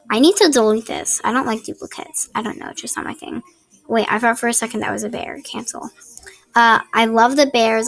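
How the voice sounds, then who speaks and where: Her voice is creaky and on the high side as she rambles through casual gameplay tips, chatting and apologizing now and then. This gaming channel host records at her home desk, under a ring light, on the laptop's built-in mic.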